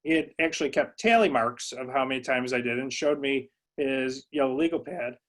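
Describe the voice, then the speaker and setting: A man's voice: medium pitch, normal speed, fairly bright tone. A psychology professor giving a webinar lecture to educators, speaking conversationally with lots of uh and um fillers and telling stories from his own early work.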